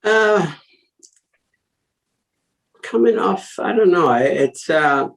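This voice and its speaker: Older man, interview guest, rambling, halting, lots of uh and um. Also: high-pitched, expressive, creaky, low-quality recording. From Italy. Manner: rambling, lots of fillers and restarts, chuckling. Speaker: guest, former racing driver. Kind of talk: casual interview talk.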